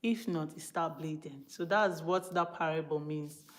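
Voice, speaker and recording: A Nigerian woman from Benin City preaching informally to her live-stream viewers, emphatic and animated, slipping into pidgin and speaking straight to her audience. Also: low voice, normal speed. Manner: emphatic and animated, switching between English and pidgin, asides to the viewers. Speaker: live-stream host teaching from the Bible.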